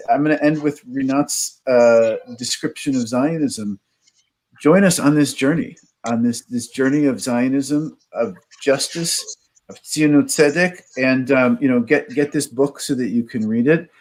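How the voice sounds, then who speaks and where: A man's voice: medium pitch, measured pace. A man hosting an online session, closing it with thanks and casual remarks full of fillers. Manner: warm thanks, many you-knows and fillers. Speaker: host closing a panel session.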